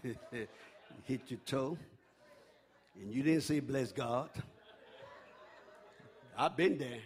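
An older man preaching a sermon in call-and-response style, dropping to a hush and then rising to a shout. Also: fairly high pitch.

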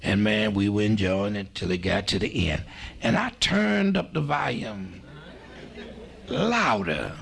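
A man preaching a sermon, slow and emphatic, with repetitions and a folksy storytelling manner. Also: on the low side, expressive, creaky, a bit bright, husky. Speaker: pastor.

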